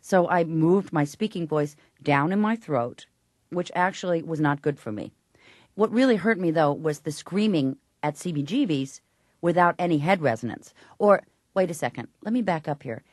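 Speaking at normal speed in a low, slightly mellow and animated voice, a voice teacher explains technique during an interview and breaks into short sung examples. The sound is studio quality, with no room sound.

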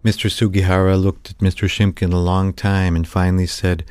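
A man telling a true story as a storyteller, in a measured, vivid way. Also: low voice, little pitch movement, a little mellow, clean tone. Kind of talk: spoken storytelling.

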